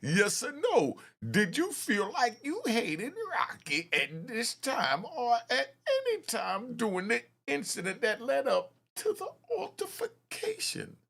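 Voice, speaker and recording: A man's voice: very high-pitched, sing-song, slow pace, creaky, hardly any pauses, a bit bright, breathy edge. A man hosting a commentary channel, mocking courtroom footage in slangy, scornful street talk. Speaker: host reacting to courtroom footage.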